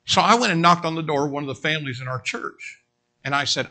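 A man preaching a sermon, telling a story in an animated way and speaking straight to his congregation. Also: a little high, quick pace. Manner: animated, addresses the congregation directly.

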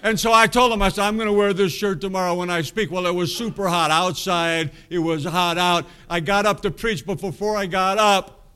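A man's voice: sits high, steady tone, brisk, pushed and bright, clean tone. Folksy man telling a sermon story. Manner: folksy, rambling anecdotes with self-amused laughter. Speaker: preacher.

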